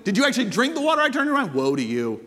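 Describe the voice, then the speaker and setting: A man's voice: extremely high pitch, wildly swooping pitch, racing, sharp tone, heavily acted. Male pastor doing a scolding party monitor, sing-song, hall reverb. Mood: mock scolding. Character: mocking stern man scolding partygoers.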